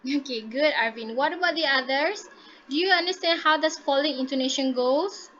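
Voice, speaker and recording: Bright, high-voiced teacher. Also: female voice, normal speed, dull audio. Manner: encouraging, repeats "okay" often, mixes in Malay. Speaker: English teacher. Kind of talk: online class teaching. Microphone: laptop mic on a video call.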